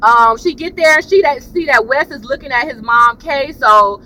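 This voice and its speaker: A woman with a high voice rambling casually through a TV episode review while driving in her car, often saying "y'all". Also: normal speed, low-quality recording. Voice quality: high voice, especially when excited. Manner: chatty and rambling, laughs often, says "y'all".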